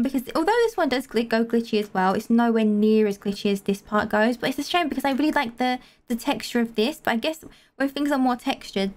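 A woman with a slightly high voice talks her way through a game tour in a loose, chatty manner. She is excitable and quick to gasp or giggle, her sentences tumbling out as she goes. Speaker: gaming video host. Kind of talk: casual gameplay tour chat.

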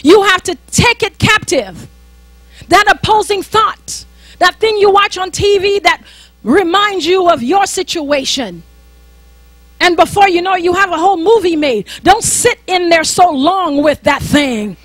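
A woman's voice: very high-pitched, animated, measured pace, fairly bright tone, no room sound. A woman minister preaching a sermon in an emphatic, conversational way, often repeating herself.

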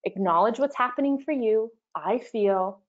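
A woman's voice: a little high, expressive, moderate pace, muffled recording. A woman leading an online workshop on communication, chatty and conversational, acting out sample replies as she teaches. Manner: conversational, acts out example replies. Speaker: workshop facilitator.

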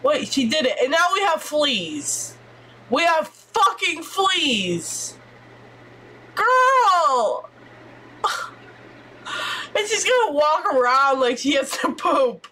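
A young adult woman streaming gameplay live, chatty and excitable, with frequent swearing and exclamations. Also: high-pitched, slow pace, a little hiss or hum.

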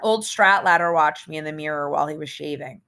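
A woman reads a first-person novel aloud with a lowish voice. Her delivery is casual and sardonic, like someone telling a story in conversation. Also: a little fast, creaky, fairly bright tone. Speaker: audiobook reader.

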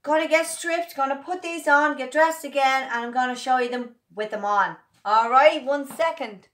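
Chatty woman selling to camera. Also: fairly high pitch. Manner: chatty, playful and upbeat, addressing viewers as girls. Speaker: online seller demonstrating her product. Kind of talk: casual sales demonstration to camera. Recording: echoey room.

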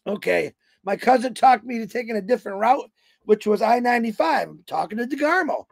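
Man in his fifties, very high pitch with a gravelly edge; folksy, rambling motivational speaker. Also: expressive, brisk, no echo. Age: 50s. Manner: folksy, storytelling, acts out quoted voices. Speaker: motivational speaker on a company livestream.

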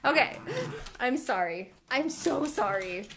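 A woman hosting a live paint pouring demo from her home studio, chatting with viewers in a giggly, easily excited way. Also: high voice, very slow, background noise. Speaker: art studio host. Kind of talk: live craft demo chat. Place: home studio, dogs in the house. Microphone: live stream from a phone or camera.

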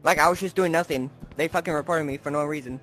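A man with a somewhat high, bright, tense voice who complains and swears in exasperation. He answers as a player being interviewed, recorded through a headset mic. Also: fast talker, soft background music.

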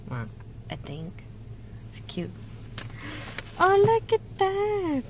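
A woman's voice: high-pitched, wildly swooping pitch, takes it slowly, long pauses, a little hiss or hum. A woman vlogger unboxing reborn dolls in casual chat, gushing and cooing as she talks.

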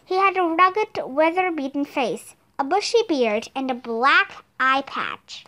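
A woman's voice: sits high, a little slow. A woman reading a children's chapter book aloud, narrating expressively. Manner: expressive, animated storytelling. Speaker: reader. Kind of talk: audiobook narration.

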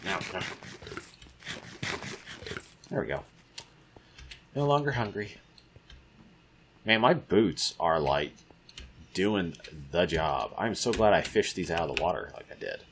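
Deep voiced guy narrating his game, slow and bouncy, faint keyboard clicks behind. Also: big pitch swings, noisy background. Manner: mutters to himself and taunts game creatures. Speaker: gamer. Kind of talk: casual let's-play commentary.

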